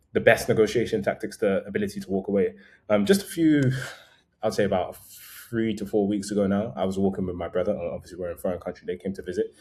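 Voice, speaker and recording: A man's voice: on the low side, a little mellow. A man vlogging casual travel advice in a conversational, meandering way, often correcting himself mid-sentence.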